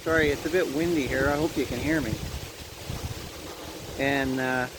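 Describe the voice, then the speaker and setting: Standing outside in the wind, a man from Canada tells a personal story for his vlog, chatty and relaxed, chuckling at himself along the way. His medium-pitched voice stays steady at a moderate pace, with light wind noise in the background.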